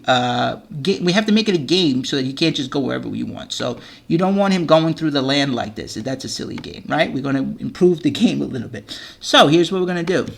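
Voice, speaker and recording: A man with a slightly higher, gravelly voice walks young students through a coding project on screen. He explains each step patiently, often pausing to check in with his class. It sounds like a screen-recorded lesson on a computer mic. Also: fairly bright tone. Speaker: teacher.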